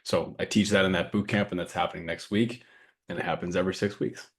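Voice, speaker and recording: A man co-hosting a casual podcast, talking earnestly and reading a list of sayings aloud in a steady way. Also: low-pitched, fast talker. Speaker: podcast co-host and coaching business owner.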